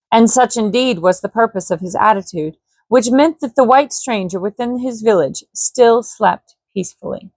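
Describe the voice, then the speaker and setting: A woman reads a bedtime story in a gentle, mid-pitched voice, breaking off now and then for casual asides. The recording is dry and close, with no room sound around her. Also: dry recording. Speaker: storybook reader.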